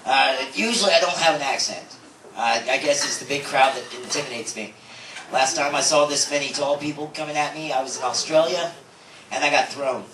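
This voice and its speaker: A man's voice: medium pitch, fairly quick. Wry man doing club stand-up. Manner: wry, self-deprecating. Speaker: stand-up comedian. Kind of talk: stand-up comedy set. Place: comedy club. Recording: echoey club recording from far off, very noisy.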